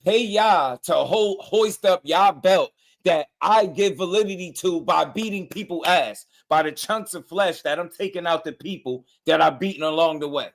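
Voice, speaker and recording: A man's voice: fairly high pitch, moderate pace, gravelly. A man hosting a boxing reaction channel, talking bluntly in slang and repeating his points for emphasis. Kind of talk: casual reaction commentary.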